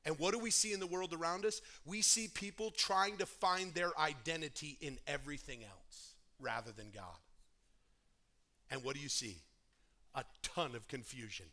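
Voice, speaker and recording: A man preaching a sermon, impassioned, swinging between hushed talk and loud appeals to the congregation. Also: fairly high pitch, normal speed. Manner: addresses the congregation directly. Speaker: pastor.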